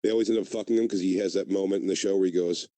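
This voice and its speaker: A male comedian co-hosting a radio show, telling rambling stories. His voice is warm and dark, with a dry, close sound. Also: low voice, steady tone, racing, no room sound. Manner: rambling storyteller. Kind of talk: casual radio chat. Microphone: studio mic.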